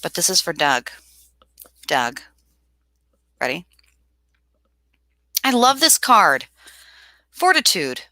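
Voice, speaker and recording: Bright-voiced woman reading tarot live. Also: fairly low pitch, takes it slowly, long pauses, no room sound. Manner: animated, reads chat aloud, laughs often. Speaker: tarot reader hosting a livestream. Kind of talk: casual livestream chat.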